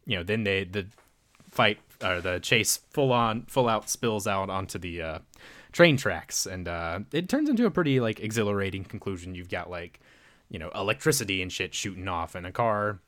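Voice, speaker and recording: Podcast co-host, man, lowish voice, dry close mic, chatty recap with lots of "like". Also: animated, fairly bright tone, dry recording. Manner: rambling, filler-heavy retelling with quick voiced quotes. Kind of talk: casual movie recap chat.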